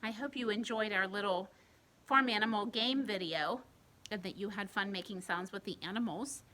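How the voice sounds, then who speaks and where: A woman reading a picture book aloud at a library storytime for young children, pausing to ask them questions. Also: medium pitch. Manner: gentle, asks children questions while reading. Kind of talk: bedtime storytime read-aloud. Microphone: home video recording.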